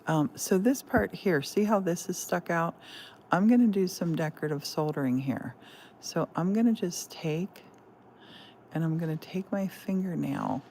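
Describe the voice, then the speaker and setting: A woman's voice: sits low, creaky, dark tone, slight background noise. A woman hosting a live stained glass demonstration in her craft studio, explaining each step in a chatty way and greeting viewers. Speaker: stained glass artist and host.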